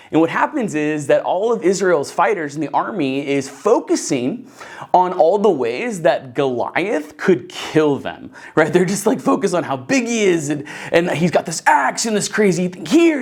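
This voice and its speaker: A Bible teacher in a casual, conversational teaching session who keeps checking in with "right?" and tells stories with enthusiasm. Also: mid-range voice. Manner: conversational, keeps asking "right?" and addressing "guys"; enthusiastic, animated storytelling.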